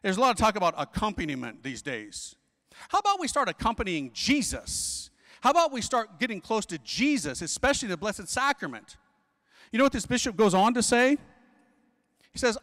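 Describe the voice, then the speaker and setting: Lively, bright-voiced slangy priest preaching. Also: male voice, sits high, brisk. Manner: slangy, emphatic, rhetorical questions. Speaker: Catholic priest giving a conference talk. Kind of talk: energetic preaching. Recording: hall reverb.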